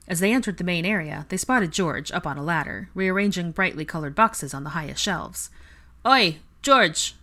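A woman narrating a fan fiction audiobook in a steady storytelling delivery. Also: on the low side, a little fast, few pauses.

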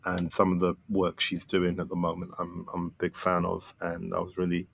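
A man's voice: deep voice, monotone, moderate pace, vocal fry, a bit bright, lo-fi sound, a little hiss or hum. A man guest on a podcast, talking casually and enthusiastically with many fillers about his film. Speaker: filmmaker guest.

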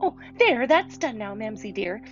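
An eager, bustling big-sister girl, as a woman reader puts her on, bright and quick and full of exclamations. The voice sits high and swoops lively in a storybook reading. The recording is dull and lo-fi, with faint music behind. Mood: excited.

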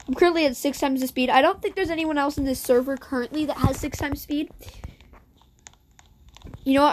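A woman giving casual gameplay commentary in a chatty, sarcastic way with muttered asides. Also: high voice. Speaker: gameplay streamer.

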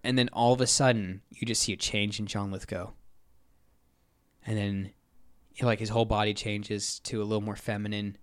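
A man's voice: fairly low pitch, little pitch movement, normal speed, dry recording. A man hosting a podcast, casually recapping a movie plot with lots of filler words. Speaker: podcast host. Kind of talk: casual film recap chat.

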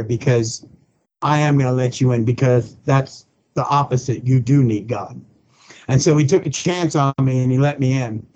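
A man's voice: medium pitch, lo-fi sound. A man, a pastor, telling his recovery testimony in a blunt, colloquial way and acting out the people he quotes. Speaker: pastor and podcast guest. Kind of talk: personal testimony in conversation.

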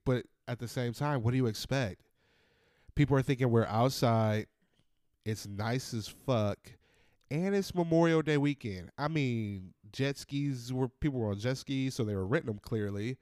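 A man in his thirties hosting a podcast, ranting in a casual, profane, animated monologue. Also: mid-range voice, no room sound, studio quality. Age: 30s. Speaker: podcast host.

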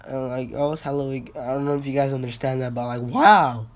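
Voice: medium pitch, a little fast. A young podcast host rants in a loose, rambling way, swearing freely and getting worked up while retelling stories. The voice is recorded on a phone with no proper microphone. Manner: excitable, profane, storytelling with quotes. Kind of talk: rambling casual rant. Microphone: phone without a mic.

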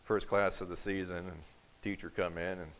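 Male pastor, deep bass register, sermon with anecdotes, light tape hiss. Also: flat delivery, normal speed, low-quality recording. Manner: storytelling with acted quotes, rising to forceful emphasis. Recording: faint hiss.

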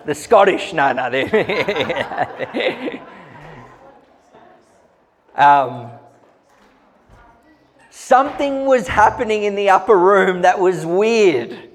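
A man's voice: high-pitched, animated, very slow, pauses often. A man preaching a sermon, telling stories earnestly with humorous asides. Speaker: pastor. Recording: long hall reverb.

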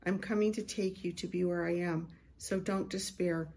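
A middle-aged woman, a Christian prophetic speaker, slowly and reverently reading a prophetic word and sharing a vision. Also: lowish voice, fairly even intonation, darkish tone, slight background noise.

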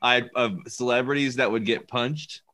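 A man's voice: mid-range voice, steady tone, moderate pace, very noisy. A man co-hosting a podcast in a casual, profane, joking chat. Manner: profane, joking, does silly voices. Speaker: podcast co-host.

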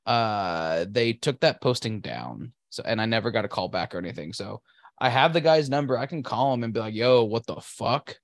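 A man's voice: on the low side, big pitch swings, fairly quick, dry recording, studio quality. A man co-hosting a podcast, ranting and cursing about his week in casual chat. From Pacific Northwest. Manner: profane, ranting, sarcastic. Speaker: podcast co-host.

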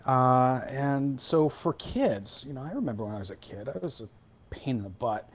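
A man guesting on a casual interview as an ocean explorer. He speaks thoughtfully and articulately, with only a few fillers. His pitch sits in the middle range. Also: lively intonation, normal speed, muffled recording.

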